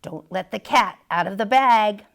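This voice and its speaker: A woman's voice: medium pitch, unhurried, natural voice. A woman playing a wry dog advice columnist. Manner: confident, advice-giving, wry. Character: wise, self-assured male dog advice columnist. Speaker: storytime reader. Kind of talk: reading a picture book aloud.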